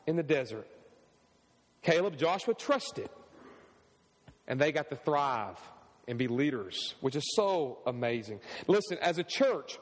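Animated preaching pastor, man, hall reverb. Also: a little high. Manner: animated preaching with call-and-response questions. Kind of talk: sermon. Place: church sanctuary.

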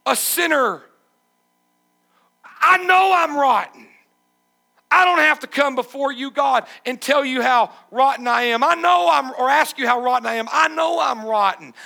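A man's voice: very high voice, vocal fry, voice pushed up, full character voice. A man voicing a repentant male tax collector who begs God for mercy in an anguished, pleading prayer. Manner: pleading, anguished, shouting in places.

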